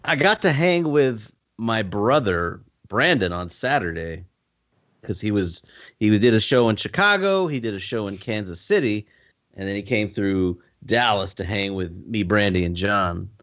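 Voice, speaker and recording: An animated male storyteller who acts out voices and laughs through his tale. His pitch swings widely as he talks. The recording is dry and a little dull. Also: measured pace, no room sound. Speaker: podcast co-host. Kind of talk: casual storytelling chat.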